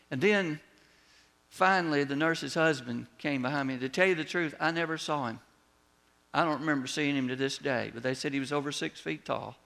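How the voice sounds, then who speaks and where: A man preaching a sermon as a pastor, telling a personal story with lively retold dialogue and words that drop soft at the ends of lines. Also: a little high, creaky. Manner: storytelling, animated when retelling, drops soft on closing words.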